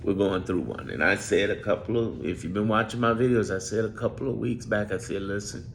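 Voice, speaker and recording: A man's voice: lowish voice, fairly quick, creaky, slight background noise. A man giving off-script political commentary straight to his viewers, emphatic and repetitive, drawing out his words. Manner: emphatic, drawls, repeats phrases. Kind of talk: off-script direct-to-camera commentary.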